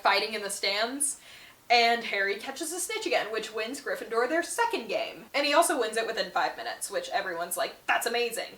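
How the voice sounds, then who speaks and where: A woman's voice: fairly high pitch, fairly bright tone. A woman hosting a book channel, giving a casual, chatty recap and slipping in and out of the characters' quoted lines. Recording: roomy echo, mic at a distance.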